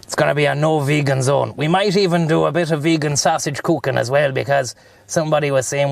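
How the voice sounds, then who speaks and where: A man's voice: a little high, brisk, creaky, no room sound. An Irish man chatting casually and profanely while he livestreams from his car, rambling between thoughts. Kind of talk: casual chat while driving.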